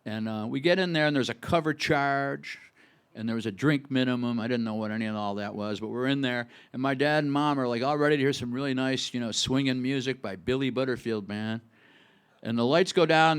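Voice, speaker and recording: A man's voice: medium pitch, clean tone. A man in his sixties from Buffalo, a singer-songwriter telling a rambling, chatty story on stage at a live music club. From Buffalo, New York. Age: 60s. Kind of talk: onstage storytelling between songs.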